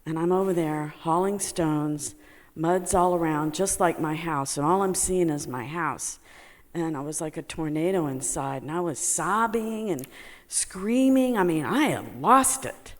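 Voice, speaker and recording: A woman telling a personal story to a group, halting with many fillers and laughing as she talks. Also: sits low, big-room sound. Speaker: meditation student sharing a testimony.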